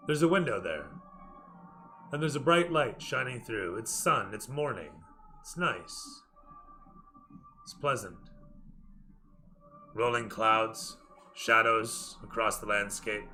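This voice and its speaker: A man's voice: on the low side, sharp tone. A man narrating a tabletop role-playing game as dungeon master, describing scenes cinematically to his players.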